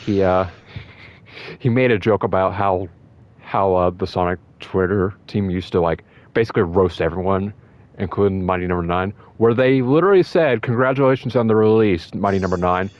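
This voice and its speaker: A man co-hosting a casual gaming chat, rambling and excitable, often breaking into laughs. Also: sits low, normal speed, muffled recording. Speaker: podcast co-host.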